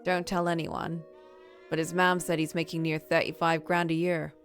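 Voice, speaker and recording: A woman's voice: low-pitched, little pitch movement, moderate pace, soft background music. Woman reading as a nagging older mother. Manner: gently scolding, doting. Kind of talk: reading game dialogue aloud.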